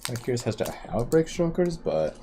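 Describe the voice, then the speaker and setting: A young man giving casual, self-talking commentary while playing a building game, quiet and musing. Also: mid-range voice, very animated, fairly quick, slight background noise. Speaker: gameplay streamer.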